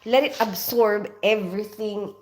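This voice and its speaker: In a steady, unhurried, medium-pitched voice, a woman live streams casually from her North London home. Raised in the Philippines, she greets viewers by name, reads their comments and laughs frequently.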